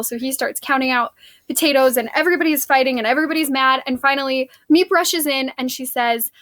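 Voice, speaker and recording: High-pitched woman teacher going over a scene, casual, says like a lot. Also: a little fast, a bit bright. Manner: chatty, lots of "like" and "um". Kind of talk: casual spoken lesson recap.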